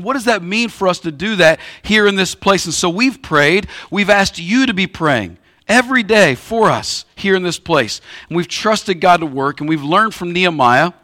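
A man's voice: high-pitched, pushed and bright. A man preaching a sermon as a pastor, emphatic and acting out the dialogue of the passage in plain speech. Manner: emphatic, acts out the biblical dialogue.

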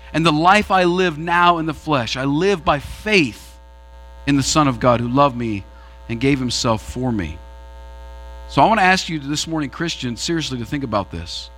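A man preaching a sermon as pastor to his church, swinging his pitch and pace as he makes his points. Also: bright, forceful tone.

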